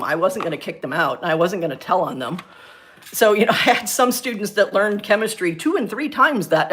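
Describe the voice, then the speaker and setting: Animated woman ranting on a livestream. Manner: animated, ranting storyteller with big pitch jumps. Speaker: livestream host, former science teacher. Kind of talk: casual chat on a livestream.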